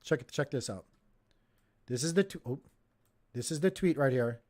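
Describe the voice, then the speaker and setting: A man hosting a casual crypto livestream, giving excitable, jokey market commentary straight to his viewers. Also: mid-range voice, moderate pace.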